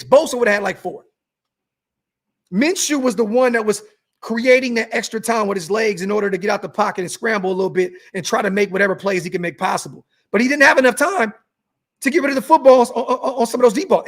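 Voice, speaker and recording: A man's voice: very high voice, a bit bright. A young man hosting a sports podcast livestream, fired up and cursing as he reads out chat messages and repeats himself. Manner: fired-up, swears, repeats words, reads superchats aloud. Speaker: podcast host reading live chat. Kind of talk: animated sports talk livestream.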